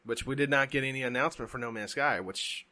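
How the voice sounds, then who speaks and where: A man's voice: mid-range voice, fast talker, pushed and bright. A man co-hosting a podcast in casual chat, talking emphatically and ranting with strong opinions. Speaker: podcast co-host.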